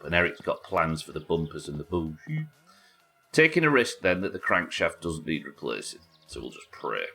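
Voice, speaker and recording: Deep-voiced British man streaming a game. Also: pushed and bright. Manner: chatty, swears, reads chat aloud. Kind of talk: casual gameplay chat.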